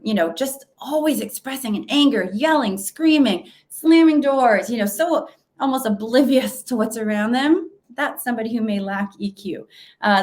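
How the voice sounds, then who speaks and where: A woman giving a conversational webinar presentation over a video call, with plenty of fillers and restarts. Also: medium pitch. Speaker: webinar speaker. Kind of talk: virtual presentation talk.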